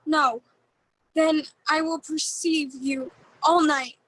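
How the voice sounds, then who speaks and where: A woman playing the young maiden Hermia, delivering verse slowly and carefully in a community theatre reading. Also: sits high, fairly even intonation, fairly bright tone, no echo, low-quality recording. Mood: frightened.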